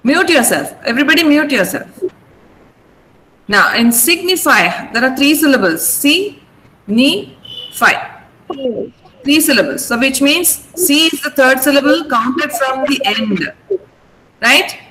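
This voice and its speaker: A woman's voice: high-pitched, animated, moderate pace, sharp tone, big-room sound, a little hiss or hum, low-quality recording. A woman teaching an online vocabulary class over a video call, patiently repeating words to drill the stress.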